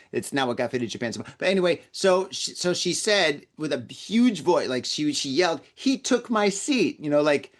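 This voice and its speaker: A man hosting a podcast, telling a story in a casual, rambling way, often repeating words and acting out the people he quotes. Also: medium pitch. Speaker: podcast host. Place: lives in Tokyo.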